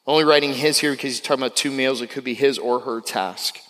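A young man from Florida preaching a sermon as pastor, animated and acting out the people he quotes. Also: fast, in a large hall. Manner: animated, acts out quotes with big pitch jumps. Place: church sanctuary.

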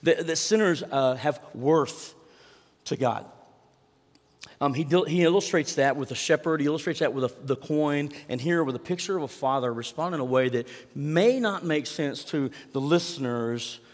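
A man's voice: on the high side, normal speed, in a large hall. A man preaching a sermon in a conversational way, asking the congregation rhetorical questions. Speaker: pastor.

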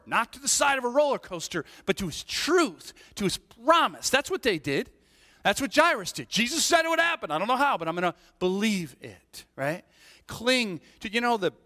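A middle-aged man preaching a sermon, telling stories with playful asides and checking in with the congregation. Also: high voice. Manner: animated storytelling, playful asides, rhetorical "right?". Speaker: pastor. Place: church sanctuary. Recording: long reverb of a large hall.

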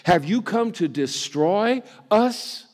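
A menacing evil spirit cries out through the man it possesses, as a preacher puts it on. The voice jumps well above his usual pitch and pushes out loud and strained, a sudden sermon-story outburst. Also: animated, takes it slowly, long reverb tail. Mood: alarmed.

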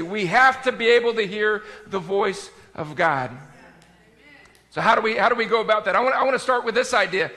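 A man preaching a sermon as pastor, talking in a conversational way that swings between loud and quiet. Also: very high voice, big-room sound.

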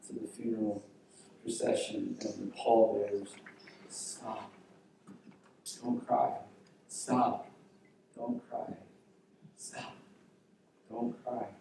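Slow preaching man in a booming hall. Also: slight background noise. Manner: dramatic storytelling, acting out quotes with hushed drops. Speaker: pastor. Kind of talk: sermon. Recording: very echoey hall, voice from far off.

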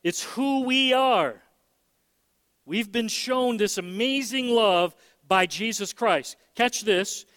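A man's voice: sits high, slow pace, a bit bright, clear, resonant tone, dry recording, long reverb tail. A man preaching a sermon as pastor, emphatic, often repeating words and using fillers.

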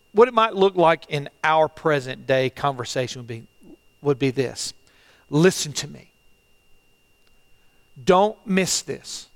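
Preaching to an online church service, a middle-aged male pastor speaks earnestly but haltingly, in a slightly high voice. He repeats phrases often and shifts between booming and hushed delivery.

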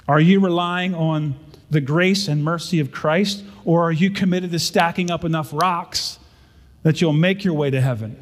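A male pastor delivering a sermon in a conversational way, putting rhetorical questions to his congregation. His voice sits fairly high for a man. The sound carries the long reverb of a large church sanctuary.

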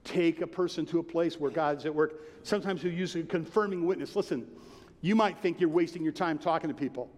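A man preaching a sermon with earnest, animated delivery and many rhetorical questions. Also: on the high side, a little fast. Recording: long hall reverb.

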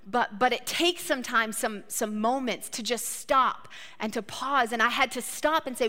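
Lady in her 30s giving a sermon, acts out her own reactions, slightly high voice, echoey big room. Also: normal speed, hardly any pauses, sharp tone. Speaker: preacher. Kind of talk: sermon storytelling. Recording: long hall reverb.

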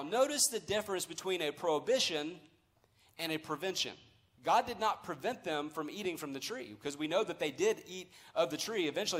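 A pastor preaching a sermon in a church, speaking emphatically and slowing down to stress key phrases. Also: male voice, on the high side, fairly bright tone. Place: church sanctuary.

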